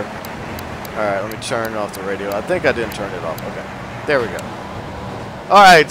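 A man's voice: fairly high pitch, noisy background. A man hosting a let's play, casually and playfully commenting on his game and joking with viewers. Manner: playful, jokey, talks to viewers. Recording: game sound audible behind the voice. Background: game car and city sounds.

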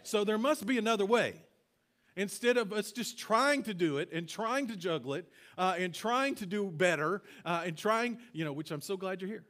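A male pastor giving a conversational sermon in a church, earnest and halting, asking the congregation to repeat words after him. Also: high-pitched, lively intonation, a bit bright. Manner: earnest, halting, leads congregation call-and-response. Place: church sanctuary.

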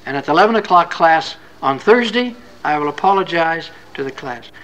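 A man's voice: on the high side, expressive, a little fast, a bit bright, a little hiss or hum, low-quality recording. A man giving a classroom scripture lecture in an earnest, folksy, conversational way. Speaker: religious lecturer.

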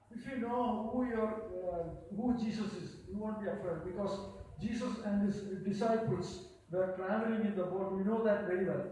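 A man preaching a sermon, halting and repeating himself, with many fillers and frequent hallelujahs. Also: high-pitched, darkish tone. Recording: echoey room, picked up from a distance.

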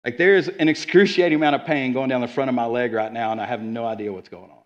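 A man preaching a sermon as a guest speaker, with energetic, conversational delivery and quick asides. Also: medium pitch, highs cut off. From Arkansas. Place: church sanctuary.

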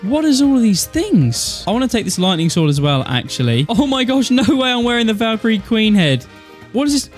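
A man giving excitable, nervous let's-play commentary, exclaiming and talking to himself as he plays. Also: high-pitched, brisk, soft background music. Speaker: gaming YouTuber.

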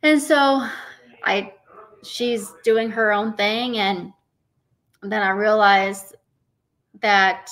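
A woman's voice: medium pitch, fairly even intonation, very slow, pauses often, a bit bright. A woman from Arizona, a professional bowler and guest, telling a story in a casual interview and acting out her own thoughts.

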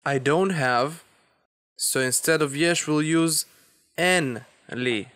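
A man giving a beginner language lesson, explaining grammar slowly and deliberately with example phrases. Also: fairly high pitch, a bit bright, clean tone, no room sound, clean studio sound. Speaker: Hebrew teacher.

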